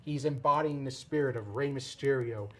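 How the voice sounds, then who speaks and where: A man hosting a casual podcast, explaining a storyline in a rambling, excitable way with frequent restarts. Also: mid-range voice, moderate pace. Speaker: podcast host. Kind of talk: casual wrestling chat.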